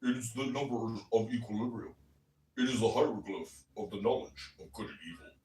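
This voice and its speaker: A man's voice: fairly low pitch, a little fast, mellow, distant mic. Man reading solemnly in an echoey room. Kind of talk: reading aloud from a book.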